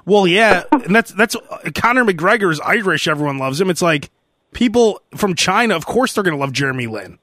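A man hosting a podcast in casual comedy chat, animated and joking, quick to mimic other people's voices. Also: high voice, no echo, studio quality. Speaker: podcast host.

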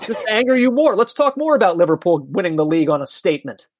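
A man co-hosting a soccer podcast in casual chat, teasing his partner, with halting restarts. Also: high voice, big pitch swings, no echo. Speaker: podcast co-host.

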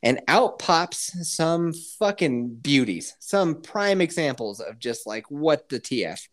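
A woman with a low voice and a lively, swooping delivery tells a story for her podcast over a call. She swears freely, laughs often, and keeps the chat loose and animated. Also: slow pace. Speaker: podcast co-host. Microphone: remote call.

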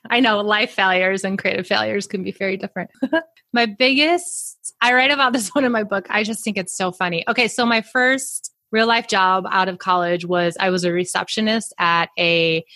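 A woman guest on an interview show tells stories with animated energy and frequent laughter. Her pitch is in a middle range. The recording is dry and close. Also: moderate pace, dry recording. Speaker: guest, author and editor. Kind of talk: storytelling in an interview.

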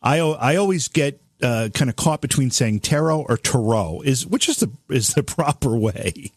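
A man's voice: medium pitch, expressive, moderate pace, breathy edge. A man hosts a call-in radio program, courteous and lightly joking with guests and callers. His voice is recorded close and dry, with no room echo. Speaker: radio host. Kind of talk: call-in show hosting.

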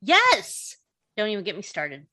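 A woman co-hosting a casual podcast chat, blunt and animated, laughing often. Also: mid-range voice, unhurried, no echo. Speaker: podcast co-host.

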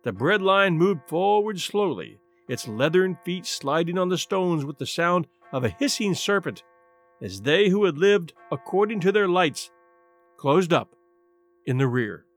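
A man narrating a classic short story aloud with an expressive, theatrical reading. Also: high-pitched, a little slow, faint music behind. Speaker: narrator and podcast host.

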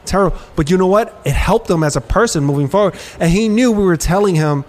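A man's voice: high voice, expressive, fast talker, darkish tone. A man hosting a podcast, telling personal stories in a candid, rambling way with frequent restarts. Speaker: podcast host. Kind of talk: casual chat.

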